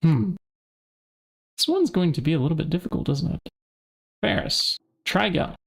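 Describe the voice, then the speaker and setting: A man's voice: on the high side, big pitch swings, moderate pace, gravelly. A man streaming a modded game, chatting casually and thinking aloud as he searches through items. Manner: thinks aloud, muttering to himself while searching. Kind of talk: casual gameplay commentary.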